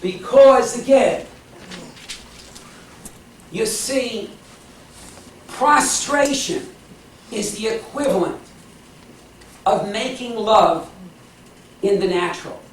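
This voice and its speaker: A woman's voice: mid-range voice, extremely slow, pauses often, slight background noise. A woman preaching a sermon with passion, repeating her phrases and laughing between points. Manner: impassioned, repetitive, laughing asides. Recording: echoey hall from far off.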